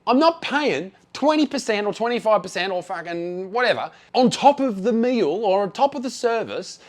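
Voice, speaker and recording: Profane Australian man ranting, lively pitch. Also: moderate pace. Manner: blunt and profane, sarcastic. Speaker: travel vlogger. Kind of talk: ranting travel review.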